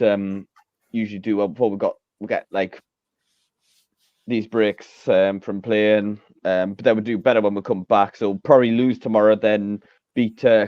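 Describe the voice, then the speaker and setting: A man's voice: fairly low pitch, fairly even intonation, moderate pace, no echo, highs cut off. A man giving his opinions as a guest on a casual chat show, hesitating with many ums and uhs. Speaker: guest pundit.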